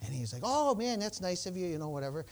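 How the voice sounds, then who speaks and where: A male pastor with a high-pitched, fast voice full of big pitch swings preaches a sermon. He tells a personal story, acts out the exchanges, stammers into restarts, and breaks into exclamations of praise.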